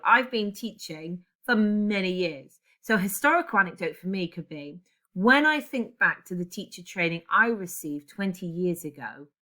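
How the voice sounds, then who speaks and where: A woman's voice: fairly low pitch, fairly bright tone. A woman in her forties teaching a class, chatty and digressive, often correcting herself as she goes. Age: 40s. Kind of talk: classroom lesson.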